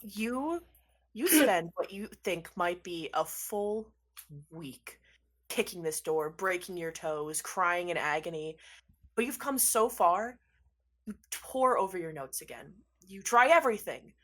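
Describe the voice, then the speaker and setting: A woman running a tabletop role-playing game, describing scenes to a player in a playful, unhurried way. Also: lowish voice, expressive, fairly bright tone. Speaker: game master.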